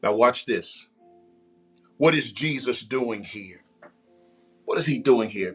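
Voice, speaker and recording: A man's voice: mid-range voice, slow pace, a bit bright, breathy edge. A man preaching a sermon, repeating phrases and calling out to the congregation. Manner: preaching with repetition and call-outs to the congregation. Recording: faint music behind.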